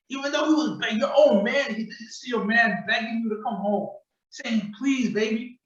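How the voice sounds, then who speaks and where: A man hosting a podcast, telling a story in casual chat with animated, profane slang and acted-out quotes over a video call. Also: very high voice, moderate pace. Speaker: podcast host. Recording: distant echoey lo-fi video call audio.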